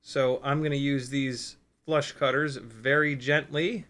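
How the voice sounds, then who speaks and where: Excitable, bright-voiced man streaming. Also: mid-range voice, unhurried. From United States. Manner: excitable, profane, rambling with restarts. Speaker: FPV drone livestream host. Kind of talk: casual hobby livestream, hands-on soldering demo.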